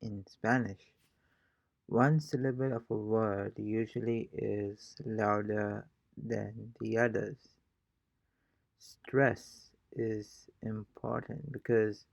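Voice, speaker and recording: A man's voice: on the low side, fairly even intonation, slow pace, creaky, a little mellow, no echo, lo-fi sound. A man teaching a casual language lesson as a fellow learner, hesitant and thinking aloud with many fillers. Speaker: self-taught Spanish learner teaching a lesson.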